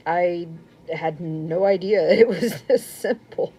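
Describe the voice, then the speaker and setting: A young woman talks casually as she crochets on a live stream from home. Her voice is warm and mellow and sits a little low. She rambles and laughs often, now and then sinking into a soft murmur. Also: slow, husky.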